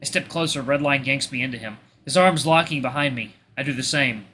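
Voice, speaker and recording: A man reading a visual novel aloud in expressive first-person narration, stumbling now and then. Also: mid-range voice, fairly quick, a little hiss or hum. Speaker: let's play host.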